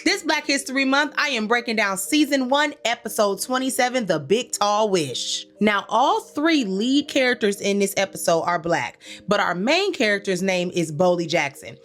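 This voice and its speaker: Over soft background music, a woman delivers a funny recap commentary in a mid-range voice, keeping a normal speed with few pauses. Lively and sassy, she addresses her audience as y'all, uses plenty of slang, and fires quoted comebacks at the characters while scolding them.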